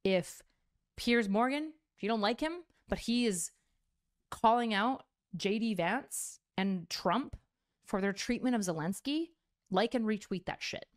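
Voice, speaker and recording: A woman's voice: medium pitch, expressive, unhurried. A woman content creator talking bluntly and profanely in a rambling casual stream. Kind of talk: clip of casual stream talk.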